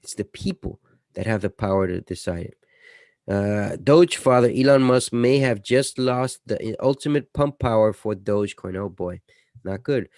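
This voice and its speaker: A man hosting an investing channel, talking casually over his screen in a chatty way, going from loud emphasis to dropping quiet. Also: fairly low pitch, moderate pace, dry recording, clean studio sound. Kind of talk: casual screen-share commentary.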